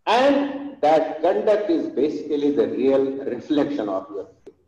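A man's voice: a little high, sing-song, unhurried, dark tone. Earnest Indian man lecturing in a hall. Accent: Indian English. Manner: earnest, emphatic, with frequent hesitations and repetitions. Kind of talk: formal lecture. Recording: echoey hall, dull lo-fi sound.

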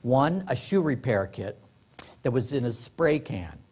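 A man's voice: medium pitch, very animated, a little slow, darkish tone. A middle-aged man, an author, telling comic stories to a live audience, laughing often and acting out quoted voices. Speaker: author giving a workshop talk. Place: library meeting room.

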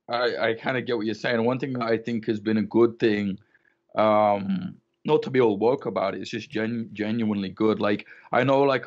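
A man in casual podcast chat, swearing often and telling stories with animation. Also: on the low side. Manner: swears a lot, animated storytelling. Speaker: podcast guest. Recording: muffled lo-fi audio.

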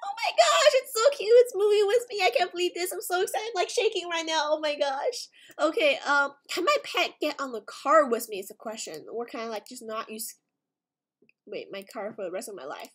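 High-voiced, excitable woman gamer. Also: fairly quick. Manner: excitable, gasping, repeated exclamations. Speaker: gaming video creator. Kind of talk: gameplay commentary.

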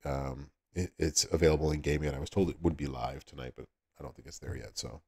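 A man's voice: a bass voice, fairly even intonation, fast talker, breathy edge. A man with a Southern US accent hosting a livestream, chatting casually with viewers and laughing often. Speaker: livestream host.

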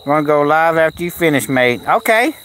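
A man's voice: a little high, lively intonation, a little fast, fairly bright tone, a little hiss or hum. A man chatting casually on a live stream outdoors at a kennel, cooing at his animals and answering the chat in a folksy way.

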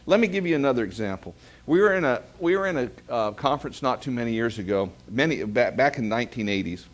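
A man, preaching a sermon as pastor, telling stories and calling the congregation to say amen. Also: mid-range voice. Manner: storytelling preacher calling for amens.

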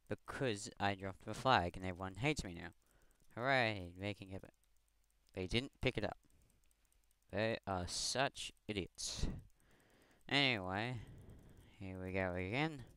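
A man's voice: fairly low pitch, unhurried, long pauses, bright, forceful tone, clean tone, no room sound, studio quality. A teenage man from Scotland with a Scottish accent, giving rambling, self-mocking game commentary over a headset mic, swearing often. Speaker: gamer. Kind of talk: gameplay commentary.

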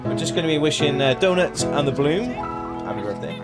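A man's voice: fairly high pitch, fast talker, loud music behind the voice. A man chatting casually on a live game stream, joking, laughing and thanking viewers by name.

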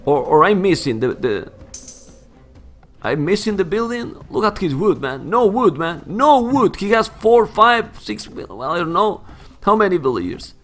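Spanish-accented guy casting a game live, high voice that jumps all over, gets worked up, keeps saying man. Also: big pitch swings, a little slow, a bit bright, faint music behind. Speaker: game caster.

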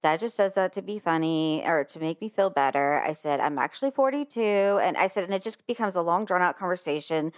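A woman's voice: lowish voice, animated, a little fast, few pauses. A woman in her forties co-hosting a podcast in casual chat, expressively acting out conversations she retells. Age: 40s. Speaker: podcast co-host.

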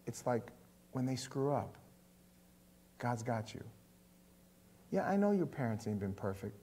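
A man pastor preaching a sermon in a chatty, animated way, swinging from soft asides to loud emphasis. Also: fairly high pitch. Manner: conversational, with filler words.

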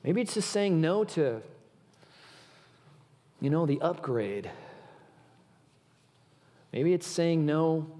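A man's voice: a little high, very animated, slow pace, long pauses, dark tone. Earnest preacher man in a reverberant hall. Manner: earnest, informal, addresses the audience directly. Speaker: guest preacher. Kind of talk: conversational sermon. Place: large church auditorium. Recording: long reverb of a church hall.

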